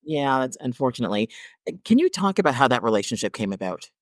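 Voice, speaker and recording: A man hosting an interview, speaking at a middle pitch for a man. He asks his questions haltingly, with small restarts, and keeps up a steady stream of brief affirmations. The recording is dry and close. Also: no echo. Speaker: host. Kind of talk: interview host.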